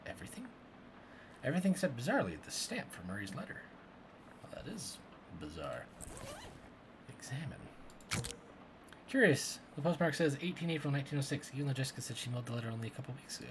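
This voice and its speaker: A game streamer plays a video game in let's-play style, reading its text aloud and tossing in offhand remarks. His mid-range voice is sing-song and fast, broken by long pauses. Background noise is audible.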